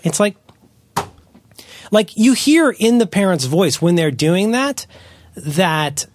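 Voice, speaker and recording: A man hosting a podcast, chatting casually as a parent, rambling and correcting himself as he tells animated stories. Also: sits high, slow pace, long pauses. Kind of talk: casual chat.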